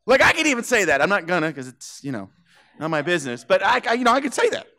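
A man with a high, pushed, bright voice preaches fast and very animatedly in a church sanctuary. His sermon is playful storytelling where he acts out the characters' lines and laughs frequently.

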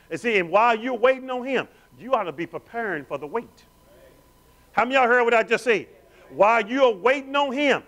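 A male pastor with a high voice and a very lively, sweeping pitch. He preaches with call-and-response, urging the congregation on as family. His volume dips from loud declarations to near-whispered asides. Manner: swings between loud declarations and hushed, low asides. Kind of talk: sermon. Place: church sanctuary.

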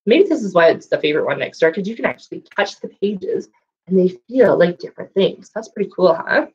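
A woman leading a children's story time and craft lesson, speaking in a sing-song, animated way and doing animal sounds for kids. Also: on the low side, fairly quick, highs cut off. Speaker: children's librarian.

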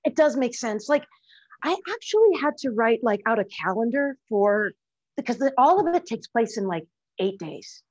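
Animated middle-aged actress, higher voice. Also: female voice, normal speed, dull audio. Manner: animated, acts out quoted lines with laughs. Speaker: actress guest. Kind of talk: casual interview chat.

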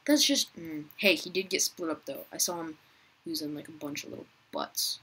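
A young woman giving casual gameplay commentary, chatty and talking to viewers and other players, her voice rough as she keeps clearing her throat. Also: deep voice, moderate pace, a bit bright, poor audio. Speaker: gaming youtuber.

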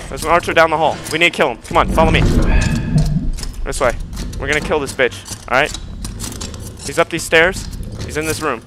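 A young man playing a game with his dad, giving constant orders, swearing and shouting when excited. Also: a little high, fairly quick, long pauses, music in the background. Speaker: gamer leading his dad.

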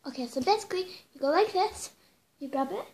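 Playful high-voiced woman vlogger. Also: expressive, fast, darkish tone. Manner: playful, self-mocking. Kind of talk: casual vlog chat.

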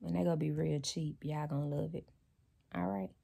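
Woman vlogger, low husky voice, blunt casual chatter with cursing. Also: flat delivery, fairly quick, mellow. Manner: blunt and chatty, swears freely; laughs often while talking. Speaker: lifestyle vlogger. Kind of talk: casual chat to camera.

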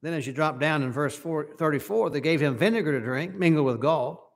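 A man's voice: on the high side, fairly quick. A man preaching a sermon in a church service, reading scripture passages aloud and asking the congregation questions. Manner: reads scripture aloud in King James wording, asks the hearers questions.

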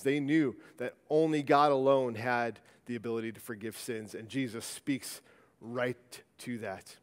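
Delivering a sermon in a church sanctuary, a pastor speaks in a mid-range voice with a steady tone and a measured pace. His delivery is conversational, marked by frequent restarts and repeated words, and the church hall adds a long reverb.

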